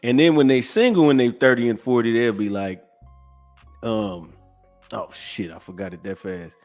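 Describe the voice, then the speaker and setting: A man's voice: medium pitch, normal speed, darkish tone, soft background music. A man hosting a podcast, giving profane, preachy reaction commentary. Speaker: podcast host.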